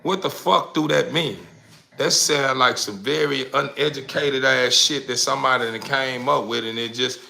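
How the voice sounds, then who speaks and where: A man's voice: medium pitch, normal speed, vocal fry, bright, forceful tone. A man in his forties ranting profanely to a live chat, rambling and repeating the same questions in crude slang. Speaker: livestreamer.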